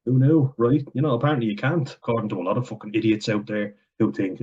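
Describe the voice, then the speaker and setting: A man's voice: mid-range voice, fast talker, a little mellow, slightly rough, dull audio. An Irish man talking bluntly and profanely in a casual, sardonic opinion rant for his vlog. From Ireland. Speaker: vlogger.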